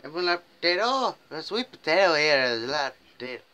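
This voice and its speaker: A man voicing an excited male potato seller who calls out eagerly. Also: on the high side, extremely slow, smooth, pitched above the performer's own voice, full character voice.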